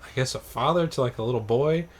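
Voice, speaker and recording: A young man co-hosting a casual podcast chat, joking and acting out characters in quick bursts. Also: mid-range voice. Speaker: podcast co-host.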